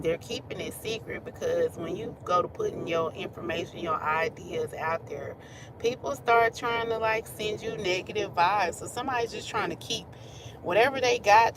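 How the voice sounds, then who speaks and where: A woman's voice: on the low side, background noise. A woman doing a casual tarot reading, talking loosely and laughing often as she goes. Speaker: tarot reader.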